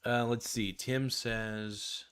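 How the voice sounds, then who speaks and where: A man's voice: medium pitch, steady tone, drawn-out words, a bit bright, clear, resonant tone. A man hosting a casual reaction video, talking in a laid-back, slangy way with plenty of swearing while he snacks on crackers.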